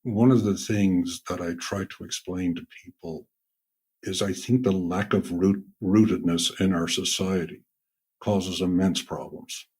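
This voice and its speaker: A man's voice: deep voice, fairly even intonation, unhurried, darkish tone, slightly rough. A man hosting an interview, building a point at length before asking a question. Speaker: podcast host.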